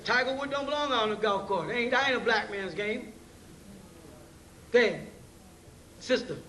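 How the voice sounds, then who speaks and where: A man's voice: extremely high pitch, normal speed, sharp tone. A man teaching an informal class, talking bluntly in slang and often checking in with his listeners. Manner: conversational, keeps checking in with rhetorical questions; blunt street slang and profanity. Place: class meeting room. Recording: roomy, distant 1990s class recording.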